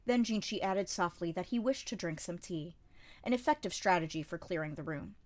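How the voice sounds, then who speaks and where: A woman's voice: lowish voice, expressive, brisk. A woman narrating a light novel as an amateur audiobook reader, in a dry, wry storytelling manner. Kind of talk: scripted narration.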